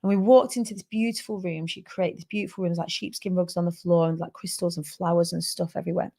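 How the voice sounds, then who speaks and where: A woman, hosting her own show and candidly telling a personal story, animated, full of "like" and "right?" and casual swearing. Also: lowish voice, fast. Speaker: host.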